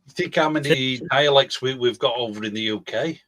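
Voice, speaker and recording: An older man with a Yorkshire accent, talking in a halting, casual chat as a livestream co-host. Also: mid-range voice, a bit bright, low-quality recording. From Yorkshire, England.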